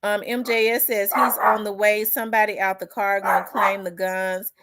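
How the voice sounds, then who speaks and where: A woman's voice: medium pitch, flat delivery, normal speed, noisy background. Southern woman talking loose on a livestream. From Memphis, US South. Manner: loose and conversational, many fillers and restarts; reads out and answers viewer comments. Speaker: host. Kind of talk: casual commentary chat.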